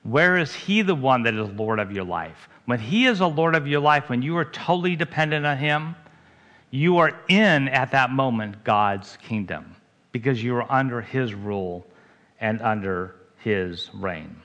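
A male pastor preaching to his congregation in an easygoing, conversational way, often putting questions to them. His voice is bright and forceful, and his pitch sits in an ordinary middle range. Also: animated, a little slow. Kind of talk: sermon.

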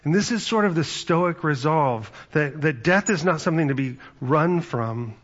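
A pastor gives a conversational sermon, telling stories and acting out quotes. His fairly high voice has lively intonation and a moderate pace, and the audio sounds dull.

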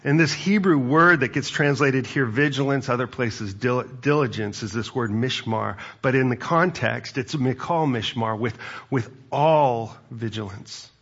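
Man preaching a sermon, gravelly and husky, earnest and reflective, dull lo-fi sound. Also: mid-range voice, normal speed, few pauses, a bit bright. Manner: earnest, reflective, with frequent restarts. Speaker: pastor.

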